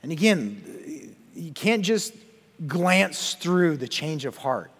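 In a large hall, a pastor preaches a sermon and reads scripture aloud, often repeating words and posing questions to his listeners. His voice is on the high side, slightly rough and very animated, though he takes it slowly.

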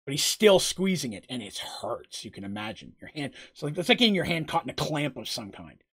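A man's voice: medium pitch, sing-song, a little fast, fairly bright tone, slightly rough. A man narrating a tabletop game as game master, casual and rambling with fillers.

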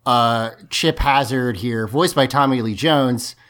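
A man's voice: medium pitch, slow, a bit bright. Casual, swearing man recapping a movie. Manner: loose, profane, recapping the plot.

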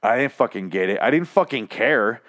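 A man's voice: medium pitch, lively intonation, normal speed, fairly bright tone. Profane, exasperated man ranting. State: tired, achy after whiskey. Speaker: podcast host. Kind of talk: ranting TV episode review.

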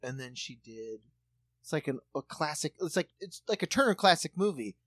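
Animated man telling stories, dry sound. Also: fairly high pitch, moderate pace, no room sound. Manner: animated storyteller, acts out voices, swears freely. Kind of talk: casual chat.

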